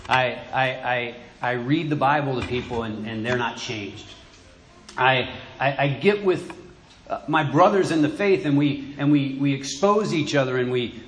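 A man preaching a sermon in church, halting and repeating words as he goes. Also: mid-range voice. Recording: echoey room.

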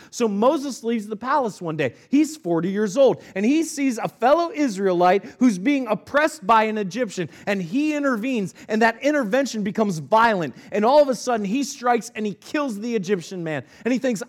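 Man, pastor, high voice, earnest conversational sermon. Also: expressive, normal speed, few pauses. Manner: earnest preaching, reads scripture aloud then retells it conversationally.

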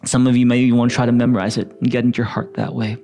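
A middle-aged male pastor leading a slow, gentle guided prayer and scripture reading, repeating phrases prayerfully. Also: medium pitch, level tone, gravelly.

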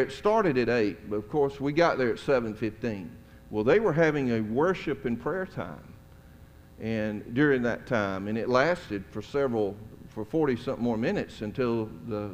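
A man's voice: mid-range voice, big pitch swings, normal speed. A middle-aged man, preaching a sermon as a pastor and telling stories in a conversational, folksy way. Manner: conversational, folksy, chuckling asides. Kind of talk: storytelling sermon. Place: church sanctuary. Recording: long church hall reverb.

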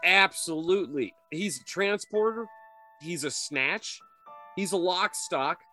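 A man co-hosting a comedy podcast, chatting in a playful, jokey way. His voice sits high and sounds bright and sharp, and his pitch swings widely as he riffs. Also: lively intonation, takes it slowly, faint music behind. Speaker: podcast co-host. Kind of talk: comedic casual chat.

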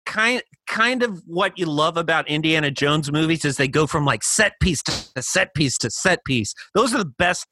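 A man co-hosting a podcast in casual chat, enthusiastic and often talking over his partner with quick restarts. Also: fairly high pitch, lively intonation, pushed and bright, a little hiss or hum. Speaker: podcast co-host.

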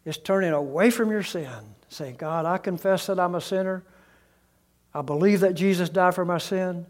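A man preaching a sermon, slow and deliberate, sometimes dropping to a hushed voice, recorded outdoors beside a tree. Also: high voice. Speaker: pastor.

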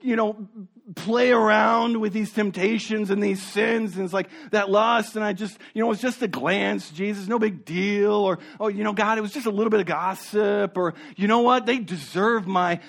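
A man preaching a sermon as a pastor, earnest, dropping low and soft for emphasis and often repeating words as he searches for them. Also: steady tone, normal speed, vocal fry.

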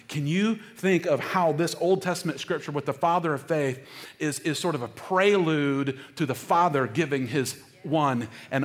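A middle-aged male pastor preaching a sermon, stressing key phrases and calling on the congregation to repeat lines after him. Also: a little high. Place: church sanctuary. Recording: long hall reverb.

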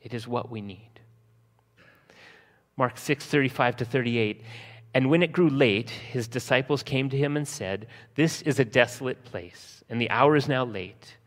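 A man preaching a sermon, slowing for emphasis and acting out scenes from the text in lively voices. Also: medium pitch, big-room sound. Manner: lively storytelling, acting out disciples' panic in a raised voice. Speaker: pastor.

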